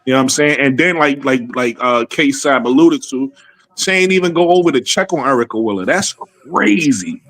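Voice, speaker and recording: A man's voice: medium pitch, expressive, normal speed, a bit bright, dry recording. A man joining a casual sports livestream as a guest, talking emphatically and stumbling over repeated words. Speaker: guest panelist.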